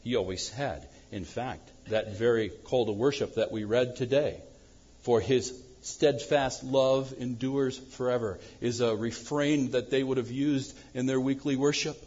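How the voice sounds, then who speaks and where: Guy preaching a sermon, kinda husky, gets loud then goes quiet, muffled lo-fi sound. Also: unhurried. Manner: animated preaching, acting out prayers loudly then dropping low. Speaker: pastor.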